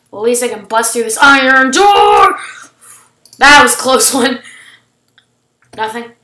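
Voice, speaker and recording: A woman hosting casual gameplay commentary, excitable, shrieking and gasping at surprises. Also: on the high side, measured pace, long pauses, echoey room, rough recording. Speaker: gaming channel host.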